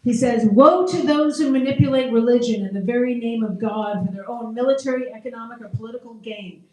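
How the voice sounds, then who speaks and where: Woman, middle-aged, stand-up comedian, chatty, self-deprecating, slightly high voice, distant mic, echoey room. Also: fairly quick. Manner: conversational, self-deprecating, laughs at own jokes. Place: open mic comedy show.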